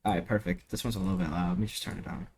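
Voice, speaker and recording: A man's voice: deep voice, fairly even intonation, racing. A young man giving a casual, rambling music production tutorial at home, full of slang, fillers and swearing, into a cheap desk mic. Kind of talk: casual screen-recorded tutorial.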